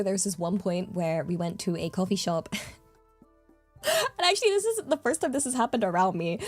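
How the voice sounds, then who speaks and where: Young British woman, chatty and giggly livestream host, mid-pitched voice over faint background music. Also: a little mellow. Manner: chatty and giggly, full of fillers. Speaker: streamer. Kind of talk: casual chat.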